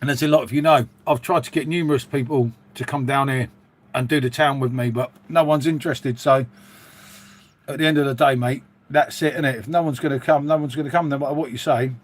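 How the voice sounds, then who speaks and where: A man's voice: medium pitch, steady tone, brisk. A middle-aged Englishman, chatting casually and rambling to viewers on a live stream. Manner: chatty, rambling, matey, reading out viewer comments. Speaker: livestream host.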